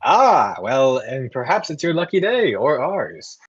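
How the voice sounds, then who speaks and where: A man voicing a cheerful middle-aged human caravan trader, making an eager sales pitch. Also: sing-song, measured pace, slightly rough, dull audio. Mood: salesy.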